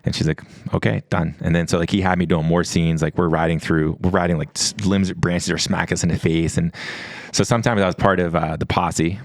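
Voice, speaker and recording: A man's voice: low voice, little pitch movement, brisk, hardly any pauses, dry recording. A middle-aged man from the US East Coast telling stories in a casual chat, rambling with many restarts and quoted dialogue. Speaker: podcast guest. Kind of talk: casual storytelling.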